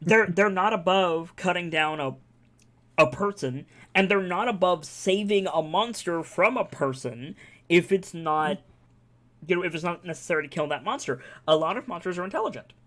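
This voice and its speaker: A man's voice: high-pitched, animated, moderate pace, fairly bright tone. A man streaming live, talking casually and enthusiastically about a game, rambling and swearing freely. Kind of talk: casual chat.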